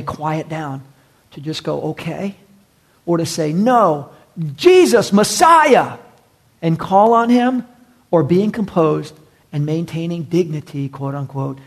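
Gravelly guy preaching, bit high-pitched, gets loud then drops way down. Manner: animated, swings from hushed to shouting. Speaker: pastor. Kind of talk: sermon.

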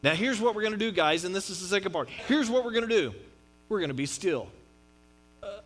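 Joking, high-voiced male pastor. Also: animated, brisk. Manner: conversational and joking, with wide swings in loudness. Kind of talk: sermon.

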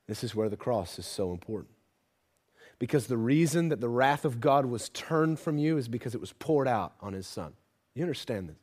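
Delivering a sermon at a moderate pace, this preacher has a medium pitch and lively intonation. He moves between hushed, personal asides and loud, forceful stretches, often throwing rhetorical questions at the congregation.

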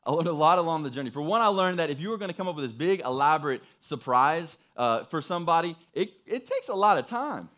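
A young man preaches in a casual, chatty way, telling a story with lots of slang and rhetorical asides. His voice sits a bit high and swings widely in pitch, animated throughout. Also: fast, hardly any pauses. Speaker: pastor. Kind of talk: sermon story.

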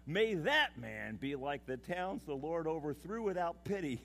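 Male pastor, sermon delivery, impassioned and intimate by turns, with a lively, animated voice. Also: on the high side, measured pace, creaky, few pauses. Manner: impassioned, swings from loud declaiming to hushed confiding.

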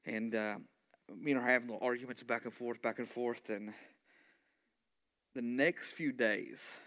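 A man in his thirties preaching from the pulpit. He tells a personal story in a loose, animated, conversational way, with plenty of asides and fillers, in a mid-range voice. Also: medium pitch. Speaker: pastor. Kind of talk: sermon storytelling.

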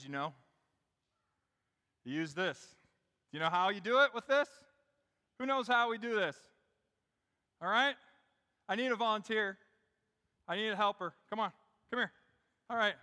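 A man's voice: high voice, moderate pace, long pauses, pushed and bright, big-room sound. A middle-aged man preaching a sermon in a church, telling a story in a conversational way and speaking straight to the congregation. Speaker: pastor. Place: church sanctuary.

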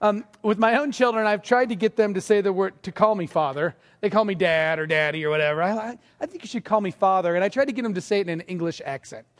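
A middle-aged man preaching a sermon, telling personal stories in a relaxed, conversational way with some laughter. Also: high-pitched, fast, few pauses. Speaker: pastor. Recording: long reverb of a large hall.

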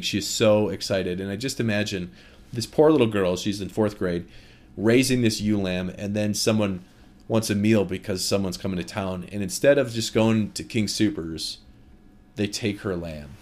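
A man delivering a relaxed, conversational sermon, retelling a story and turning to address the congregation directly. His voice sits a little on the low side. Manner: storytelling, speaks directly to listeners. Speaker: preacher.

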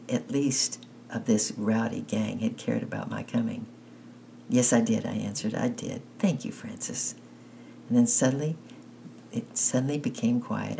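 A man reads a children's story aloud in a plain, unhurried way, his lowish voice gravelly and dark. He occasionally slips and restarts, and the low-quality recording has a little hiss or hum.

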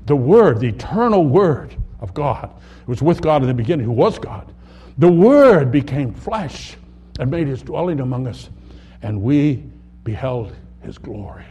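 A man preaching a sermon, reading scripture aloud, dropping to a near whisper and rising to loud emphasis, slowing down on key words. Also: medium pitch, very animated, husky. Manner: dramatic swings from hushed to loud, slows on key words.

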